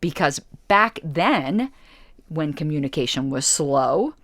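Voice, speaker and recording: Woman radio host with a lowish voice, sarcastic and argumentative, arguing back at an article she reads on air. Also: expressive, slow pace, no room sound, clean studio sound. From United States. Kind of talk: reading and rebutting an article.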